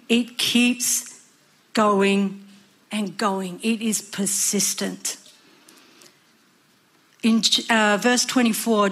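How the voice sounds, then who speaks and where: A woman preaching a sermon, earnest and expressive, sometimes acting out the voices of people in her story. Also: mid-range voice. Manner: expressive, acts out voices and cries.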